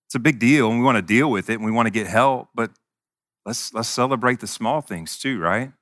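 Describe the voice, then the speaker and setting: Man, pastor, conversational sermon delivery, earnest and bright, dry close mic. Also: mid-range voice, a little fast, dry recording. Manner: earnest, conversational, self-deprecating humor.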